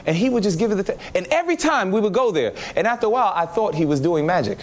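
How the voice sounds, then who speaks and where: A man preaching his testimony, telling the story in an animated way and acting out his own reactions. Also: high voice, very fast, few pauses, slight background noise. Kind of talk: testimony sermon.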